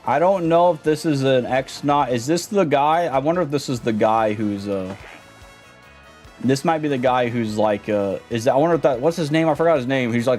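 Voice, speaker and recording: A man's voice: medium pitch, normal speed, darkish tone, faint music behind. A man livestreaming a game, chatting casually in a laid-back, slangy way and greeting viewers. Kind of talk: casual live-stream chat.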